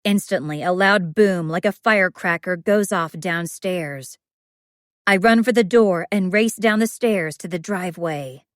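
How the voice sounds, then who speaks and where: Woman narrating in a quiet, brooding tone. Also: on the low side, a little slow, dry recording, clean studio sound. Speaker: audiobook narrator. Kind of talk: first-person audiobook narration.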